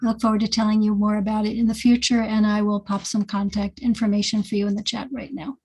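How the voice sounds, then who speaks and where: A woman gives an earnest campaign statement over a video call. Her voice stays level and barely moves in pitch, and she fills her pauses with ums. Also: level tone, a little mellow. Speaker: local candidate. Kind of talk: short speech at an online meeting.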